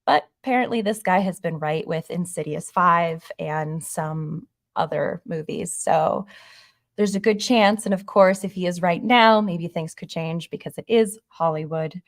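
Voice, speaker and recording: Excitable rambling woman host. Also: lowish voice, creaky, no echo, studio quality. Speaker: host of a horror channel. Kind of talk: casual livestream chat.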